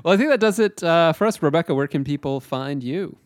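A man hosting a comedy podcast, chatting in an easygoing, agreeable way and then wrapping up the episode with a brisk sign-off. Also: on the high side, expressive, no room sound. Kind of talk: casual podcast chat and sign-off.

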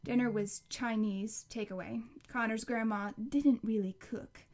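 A woman's voice: a little high, steady tone, measured pace, a little mellow. A woman narrating a novel as an audiobook, reading steadily with occasional slips and restarts. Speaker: audiobook reader.

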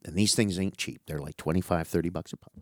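A middle-aged man telling a long, animated, profane story in casual chat with a friend. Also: deep voice, fast, dry recording, clean studio sound. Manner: animated, profane, calls listener dude.

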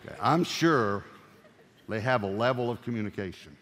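A man preaching a sermon as pastor, animated and joking, swinging from loud punchy lines to hushed earnest ones. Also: on the low side, normal speed, long reverb tail.

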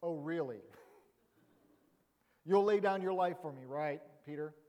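A man preacher voicing a patient, gentle male teacher who teases kindly. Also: fairly high pitch, measured pace, natural voice.

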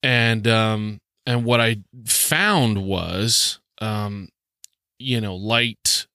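Speaking extremely slowly in a fairly low, smooth voice with a sharp tone, a man from the southern United States hosts a solo podcast. The dry, studio-quality recording captures his Southern accent as he rambles and jokes, full of ums and restarts.

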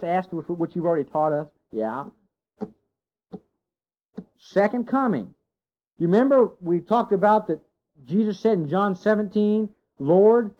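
A man preaching a sermon to his congregation, folksy and animated, full of rhetorical questions. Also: sits high. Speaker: pastor. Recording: dull lo-fi sound.

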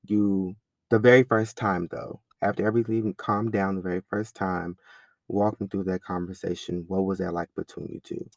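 An interviewer asking gentle, probing follow-up questions. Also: low voice, little pitch movement, normal speed, no room sound.

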